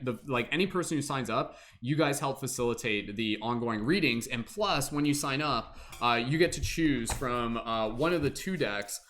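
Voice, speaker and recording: A man's voice: medium pitch, fairly bright tone. A young man hosting a livestream, talking in a casual, upbeat way and addressing the chat. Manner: upbeat, chatty, many fillers, laughs often. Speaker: livestream host.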